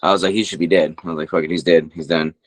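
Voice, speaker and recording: Podcast co-host, man, deep voice, rambling swear-heavy storyteller. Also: fairly even intonation, racing. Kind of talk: casual chat.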